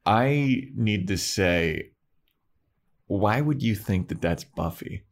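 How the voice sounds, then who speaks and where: A man's voice: fairly low pitch, expressive, slow. A man co-hosting a podcast, recapping an episode in casual chat and acting out the characters' lines in mock voices. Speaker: podcast co-host.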